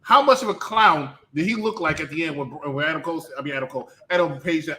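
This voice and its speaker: A man hosts a casual wrestling review with a loud, mocking manner. His voice sits high and bright. He often mimics others in a squeaky voice. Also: animated, fast, hardly any pauses, rough recording. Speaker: show host.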